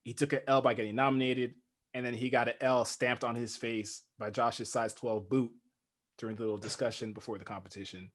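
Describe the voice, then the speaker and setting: A man's voice: medium pitch, little pitch movement, brisk. A man co-hosting a casual reality show recap podcast, joking and acting out quotes in punchy lines. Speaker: podcast co-host.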